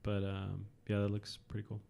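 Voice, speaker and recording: A young man co-hosting a podcast, chatting casually and hesitantly with many pauses and restarts. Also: on the low side, completely flat delivery, creaky, warm tone, clean tone. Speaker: podcast co-host. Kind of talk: casual chat about video games.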